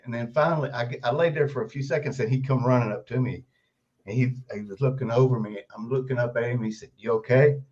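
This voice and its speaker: An older man, a guest author, telling animated stories in an interview and laughing often as he goes. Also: medium pitch. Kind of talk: storytelling interview. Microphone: video call. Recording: dull lo-fi remote call audio.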